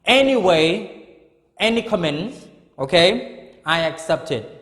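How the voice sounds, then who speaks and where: Slow, high-voiced male English teacher. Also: lively intonation, fairly bright tone, roomy sound, in a large hall. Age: middle-aged. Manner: slow, repeats each word several times, checks with "okay?". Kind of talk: grammar lesson.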